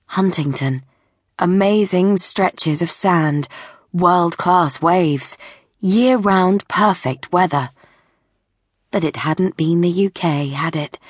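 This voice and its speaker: Brief: woman audiobook narrator, lowish voice, measured and wry, close dry studio sound. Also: husky, no room sound.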